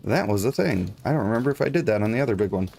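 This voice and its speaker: A man's voice: fairly low pitch, lively intonation, rapid-fire, gravelly, a little mellow. A man streaming a video game, chatting in a jokey, rambling, playful way. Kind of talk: casual live game commentary.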